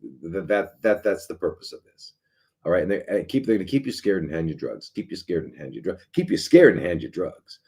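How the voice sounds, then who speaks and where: A middle-aged man with a very low, husky voice hosts a live show as a doctor. He talks in a loose, rambling way, full of restarts and fillers. His tone stays dry and sarcastic. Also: sing-song, fairly quick, darkish tone. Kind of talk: casual live talk.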